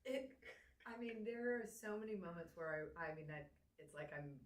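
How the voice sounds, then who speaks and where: A woman's voice: fairly low pitch, lively intonation, normal speed. A woman co-hosting a podcast, chatting casually in a blunt, emphatic way and laughing easily. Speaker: podcast co-host. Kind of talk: casual chat. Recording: echoey room, far from mic.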